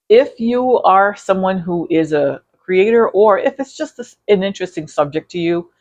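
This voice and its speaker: A woman's voice: on the low side, highs cut off. A woman vlogging about quilting in a casual, rambling way, with many fillers and self-corrections. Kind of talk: casual chat reviewing videos.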